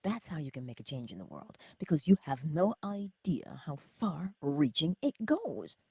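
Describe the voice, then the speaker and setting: A woman hosting a motivational livestream, with a husky voice, laughing often and answering her chat. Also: sits low, moderate pace, dry recording. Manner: animated, laughing, talks to chat. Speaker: livestream host.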